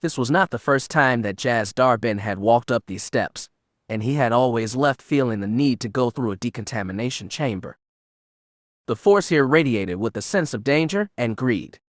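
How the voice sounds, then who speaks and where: Male audiobook narrator, mid-pitched, measured, dry close mic. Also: animated, dry recording. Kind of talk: scripted narration.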